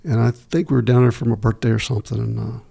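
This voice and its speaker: Man, middle-aged, gravelly and mellow, flat delivery, halting storyteller with lots of ums. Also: medium pitch. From United States. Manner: slow, halting, many fillers and restarts. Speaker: podcast guest. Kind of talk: long-form interview storytelling.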